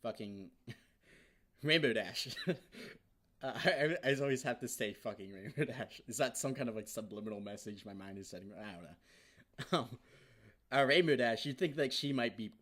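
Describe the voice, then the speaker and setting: An excitable man talks his way through an episode recap, rambling from point to point with plenty of filler words and casual swearing. His voice sits at an ordinary middle pitch for a man, and the delivery is loose and unscripted. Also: moderate pace, pauses often. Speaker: vlogger reviewing an episode.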